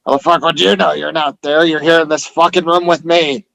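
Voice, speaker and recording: Man, podcast co-host, crude joke-teller, gravelly, pitched a bit high. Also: fairly even intonation, a little fast, fairly bright tone, poor audio. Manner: reads joke tweets, swears freely. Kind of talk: crude comedic podcast banter.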